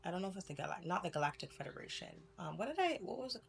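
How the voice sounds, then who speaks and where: A young woman with a somewhat low voice tells a personal story straight to her camera. She rambles and corrects herself as she goes, breaking into laughter between thoughts. She keeps it loose and animated throughout. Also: racing, gravelly, a little hiss or hum. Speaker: spiritual vlogger.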